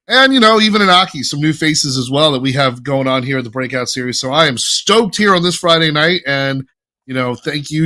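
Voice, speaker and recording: Bright, hyped man commentating esports. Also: a little high. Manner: hyped, energetic, chatty. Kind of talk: fighting game commentary.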